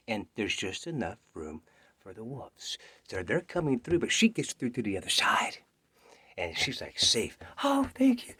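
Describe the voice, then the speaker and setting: Husky man telling a scary story. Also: mid-range voice, a bit bright, no echo. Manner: dramatic, dropping into whispers. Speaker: actor auditioning. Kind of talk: dramatic storytelling. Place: home self-tape.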